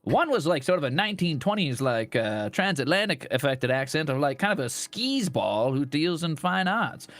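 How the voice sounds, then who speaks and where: A man's voice: a little high, very animated, normal speed, hardly any pauses, fairly bright tone, no room sound. A man rambling casually about which accent to use in a tabletop game. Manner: rambling, filler-heavy. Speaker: player.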